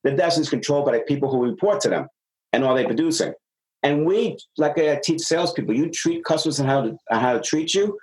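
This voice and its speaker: Poor audio captures a fast-talking man with a fairly high pitch. Working as a business consultant, he gives advice conversationally and brings his stories to life by performing the dialogue.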